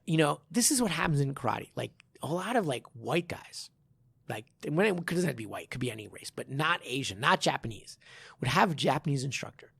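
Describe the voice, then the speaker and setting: Male podcast host and martial arts instructor; gravelly, dry close sound, animated and blunt. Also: medium pitch, fairly quick, no room sound. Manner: animated storytelling, swears, acts out quotes. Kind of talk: casual chat.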